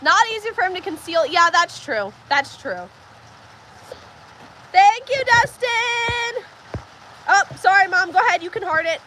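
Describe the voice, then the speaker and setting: Bright, chatty young woman on a livestream. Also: very high-pitched, expressive, unhurried, pauses often, slight background noise. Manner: chatty, laughs often, reads viewer comments aloud. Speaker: livestream host. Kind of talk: casual livestream chat. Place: farm barn with rain outside. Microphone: phone livestream.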